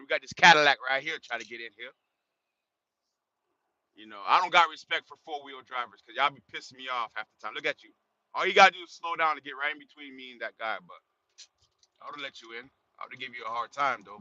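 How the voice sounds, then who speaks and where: A man who drives a truck, talking bluntly and casually in a streetwise way, swearing freely as he films from the cab on the highway. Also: fast, pushed and bright, no room sound. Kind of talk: casual vlog while driving. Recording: dull lo-fi sound.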